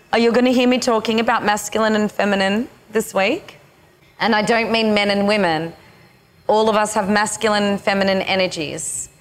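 A woman spiritual teacher leading a retreat session, speaking slowly and haltingly with many pauses. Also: medium pitch.

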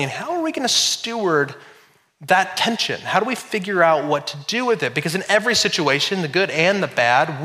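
Middle-aged guy preaching, high bright voice, gets loud and animated on the stories. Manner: animated storytelling, jumps to shouted quotes. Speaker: pastor. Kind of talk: sermon.

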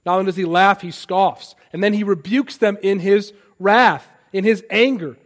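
A man in his thirties preaches with a high, ringing voice. He climbs to loud, impassioned declarations and then drops back to a soft, conversational tone for the asides. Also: moderate pace. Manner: impassioned preaching, swells loud on key lines. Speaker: pastor. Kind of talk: sermon.

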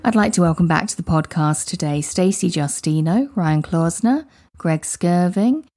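A woman hosts a podcast panel, speaking in a friendly way and often restarting her sentences. Her voice sits a little low and has a husky edge. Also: expressive, normal speed, warm tone, soft background music. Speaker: podcast host. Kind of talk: panel discussion hosting.

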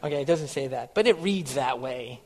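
A man's voice: medium pitch, expressive, a little fast, darkish tone. A male pastor preaching a sermon in an earnest way, repeating phrases and putting questions to his listeners.

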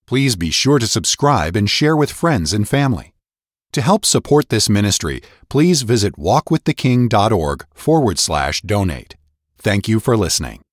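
Lively low-voiced male announcer. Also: normal speed, dry recording, clean studio sound. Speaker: program announcer. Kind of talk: scripted announcement.

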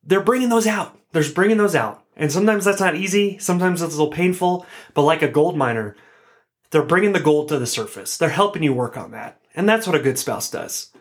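A man's voice: fairly high pitch, lively intonation, fairly quick. A man hosting a podcast on his own, talking in an earnest, chatty way and often restarting or correcting himself. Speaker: podcast host. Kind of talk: solo podcast talk, casual.

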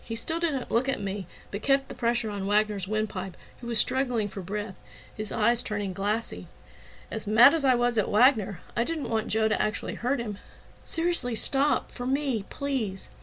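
A woman reading a novel aloud in first person as the narrator, with a steady, expressive delivery. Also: mid-range voice, poor audio. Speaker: audiobook narrator.

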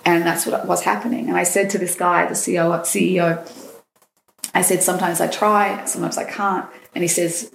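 Woman on a podcast telling a story, lowish voice, acts out everyone's lines, echoey room with a faint hum. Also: brisk, vocal fry. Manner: animated, acts out quoted dialogue. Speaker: dating coach guest. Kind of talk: personal storytelling in a podcast interview.

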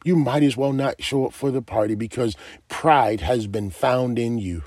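A man's voice: medium pitch, moderate pace, a little mellow, no echo, studio quality. A man preaching a sermon, emphatic and asking his listeners direct questions.

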